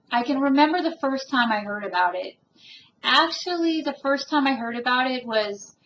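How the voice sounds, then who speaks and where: A woman's voice: on the high side, slight background noise. A woman vlogging about her spiritual journey in an earnest, rambling way, full of ums and restarts, openly emotional. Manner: emotional, self-described. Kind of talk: reflective personal monologue. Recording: dull lo-fi home recording.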